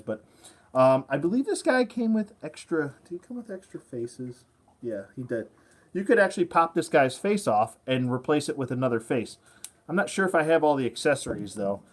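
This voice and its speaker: A man hosting a casual toy-collecting vlog, rambling and chuckling while showing off figures. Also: mid-range voice. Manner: rambling, chuckling, self-deprecating. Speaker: toy collector, channel host. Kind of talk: casual show-and-tell vlog.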